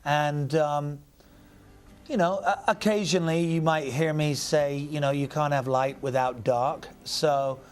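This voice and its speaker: English male actor, fairly high voice, reflective interview answers with plenty of pauses. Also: steady tone, smooth. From England. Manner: thoughtful, searching for words. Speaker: actor guest.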